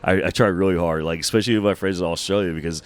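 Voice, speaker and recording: A man's voice: sits low, steady tone, rapid-fire. A man from Texas, chatting as a podcast guest, telling laid-back stories and laughing often. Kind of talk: casual podcast chat.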